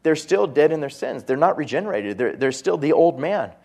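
A pastor preaching a sermon in a conversational way, with asides and quoted voices. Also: male voice, fairly high pitch, very animated, brisk, gravelly, a little mellow.

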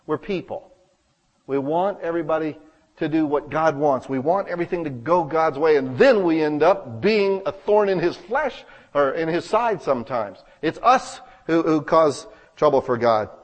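A man preaching a sermon as pastor, talking conversationally and swinging between loud emphasis and hushed asides. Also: a little high, expressive, moderate pace, long reverb tail, lo-fi sound.

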